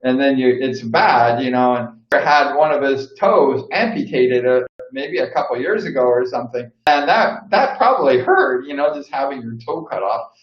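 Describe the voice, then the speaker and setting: A man's voice: medium pitch, animated, moderate pace, few pauses. A man hosting a vlog, telling stories casually and rambling, with lots of fillers like "like" and "you know". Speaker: vlog host and former speedway rider. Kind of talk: casual storytelling. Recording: echoey dull lo-fi room.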